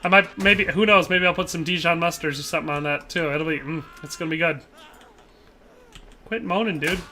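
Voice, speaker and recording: Bright, chatty man streaming a game. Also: fairly high pitch, brisk, slight background noise. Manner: chatty, rambling, tacks on playful tag phrases. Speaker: live streamer. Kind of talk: casual gameplay commentary while reading chat.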